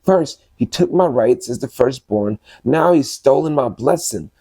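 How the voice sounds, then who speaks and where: A man voicing a desperate grown son who begs his father, his voice pushed up high into pleading cries. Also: animated, measured pace, dark tone, no echo.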